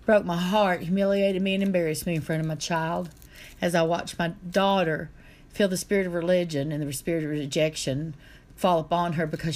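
A woman's voice: sits low, darkish tone. A middle-aged woman, telling a painful story in an earnest, aggrieved way. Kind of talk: casual chat.

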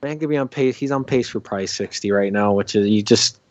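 Brief: young male co-host, lowish voice, dry muffled home mic, halting filler-heavy delivery. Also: dry recording. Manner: hesitant, many fillers. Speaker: podcast co-host. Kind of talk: casual sports talk.

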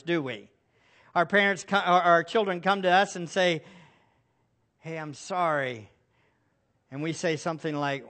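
A man's voice: fairly high pitch, fairly bright tone. A middle-aged male pastor preaching a sermon, asking the congregation rhetorical questions.

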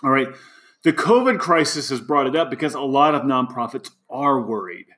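A man's voice: lively intonation, a bit bright. A man coaching nonprofit leaders in a casual, conversational talk, often checking in with "right?" and "all right.". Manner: slow, emphatic, pitch rising on key phrases.

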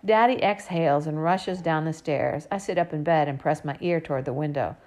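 Woman narrating a kids' book in first person, lively, lowish voice. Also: fairly quick, hardly any pauses. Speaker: audiobook narrator.

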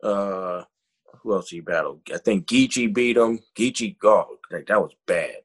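A man's voice: lowish voice, unhurried, husky. A man in casual chat, talking loosely with slang and plenty of fillers. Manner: laid-back, slangy, many fillers.

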